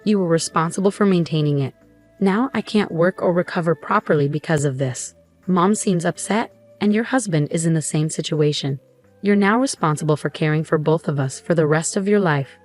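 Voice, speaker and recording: A woman's voice: low-pitched, brisk, a little mellow, faint music behind. A woman reading as a complaining, scheming sister. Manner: complaining, demanding. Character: self-pitying scheming young-adult sister.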